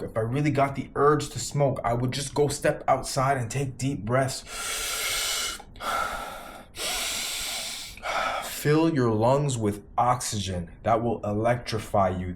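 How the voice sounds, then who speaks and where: Dude in his 30s hyping you up to quit weed, punchy and repetitive, some faint noise behind. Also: mid-range voice. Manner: emphatic, repeats lines for punch, swears casually. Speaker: vlogger giving quit-weed advice. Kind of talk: motivational talk to camera.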